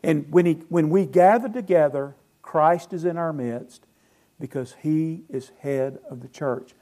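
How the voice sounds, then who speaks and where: Speaking at a measured pace in a slightly high voice, a pastor delivers an emphatic sermon. He quizzes the congregation and supplies the answers, his loudness shifting from one phrase to the next.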